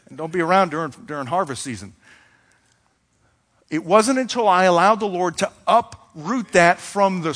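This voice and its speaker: Male pastor with a high voice, casual storytelling sermon, echoey hall. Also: a bit bright. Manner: conversational storytelling, acting out little dialogues.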